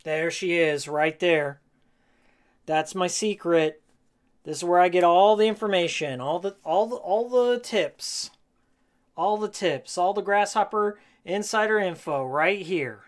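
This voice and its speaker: Hoarse, rambling male streamer. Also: high voice, unhurried. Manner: rambling, jokey, repeats his own phrases. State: hoarse, losing his voice. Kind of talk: casual live-stream chat while cleaning. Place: game room at home, indoors.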